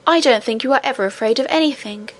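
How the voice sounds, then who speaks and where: A woman voicing a young, eager princess girl who speaks quickly and affectionately. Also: sits high. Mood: earnest.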